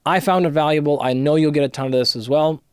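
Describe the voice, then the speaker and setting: A man's voice: fairly high pitch, fast, clean tone, no echo, clean studio sound. A man hosting a podcast interview, speaking in an earnest, admiring way. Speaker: podcast host. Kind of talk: interview conversation.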